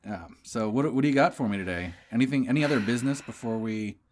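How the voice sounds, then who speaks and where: A man's voice: mid-range voice, fast talker, slight background noise. A young man co-hosting a casual podcast chat, wry and joking, drifting into rambling asides. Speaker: podcast co-host.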